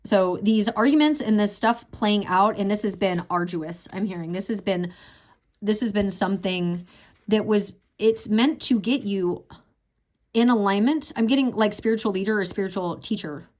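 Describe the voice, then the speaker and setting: A woman's voice: medium pitch, moderate pace, a little mellow. A woman giving a casual tarot reading, thinking aloud in a meandering, emotional way and drifting down to a whisper when she reads to herself. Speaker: tarot reader.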